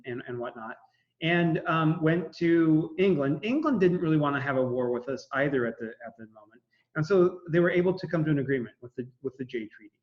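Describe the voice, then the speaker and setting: Chatty male history teacher, lo-fi sound. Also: fairly high pitch. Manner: chatty, jokey, lots of fillers and acted-out quotes. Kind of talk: casual classroom lecture. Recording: dull lo-fi recording.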